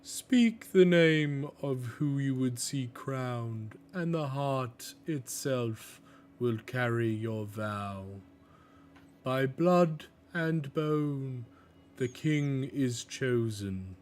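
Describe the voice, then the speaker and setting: A man voicing a solemn ancient male shell creature who keeps a ritual, speaking slowly and gravely in a tabletop game. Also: medium pitch, darkish tone, voice pushed up. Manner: slow, grave, ceremonial pronouncement. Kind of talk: tabletop game role-play.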